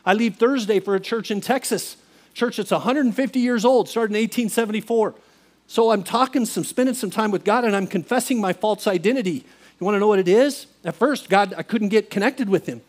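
A man preaching a sermon in an earnest, confessional way, acting out his own conversations with God and with a mentor. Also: high voice. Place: church.

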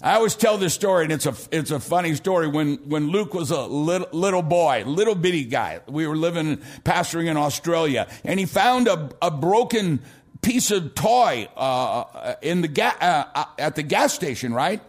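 High-voiced American pastor preaching animatedly. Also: male voice, normal speed. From United States. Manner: animated storytelling, bursts into shouts for emphasis. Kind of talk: sermon.

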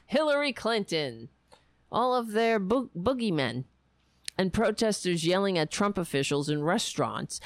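A sarcastic commentator delivers a solo political rant in a smooth, clear voice. The pace is unhurried, and the speech is full of halting restarts. The sound is dry and close, with no room echo. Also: mid-range voice, fairly bright tone.

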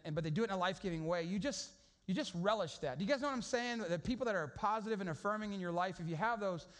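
High-voiced pastor, casual sermon. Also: male voice, fairly bright tone. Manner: conversational, storytelling, many restarts.

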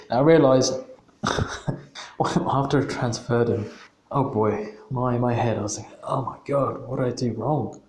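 Male podcast host, casual storytelling, stop-start delivery with self-repeats, mid pitch, echoey room. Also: a little mellow. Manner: halting, repeats words, laughs at himself. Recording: roomy echo.

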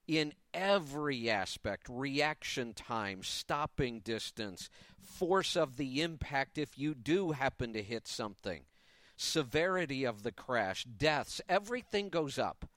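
A man's voice: mid-range voice, lively intonation, takes it slowly, a bit bright, no echo, clean studio sound. A man in his fifties hosting a live talk radio show, giving an opinionated, emphatic monologue with a touch of sarcasm.

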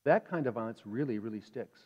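A male pastor preaching a sermon in a conversational, animated way, asking the congregation questions. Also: mid-range voice, a little fast. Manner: animated, acts out inner voices. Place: church sanctuary. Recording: dull reverberant church hall.

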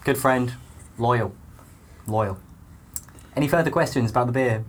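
A man's voice: medium pitch, a little slow, a little hiss or hum, lightly acted. A man doing a loose celebrity impression in comedy improv, a rambling, hesitant, self-promoting beer seller. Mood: boastful. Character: man's mock film-star impression, pushy beer seller.

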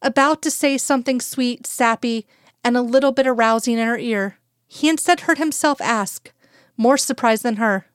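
A woman's voice: a little high, normal speed, clean tone, dry recording. Woman reading fan fiction, dry close sound. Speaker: narrator.

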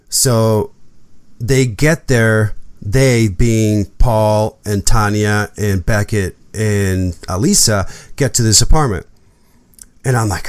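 A man's voice: medium pitch, no room sound, studio quality. A man hosting a podcast, telling a personal story in casual chat, acting out quotes and swearing freely. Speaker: podcast host.

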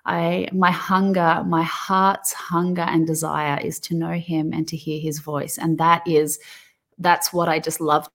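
Australian woman co-host, lowish gravelly voice, heartfelt faith podcast chat. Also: flat delivery, unhurried, a bit bright.

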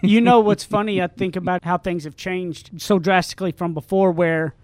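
High-voiced man telling stories on a podcast. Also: normal speed, dry recording. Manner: animated storyteller, laughs while telling. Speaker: podcast co-host. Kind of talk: casual chat.

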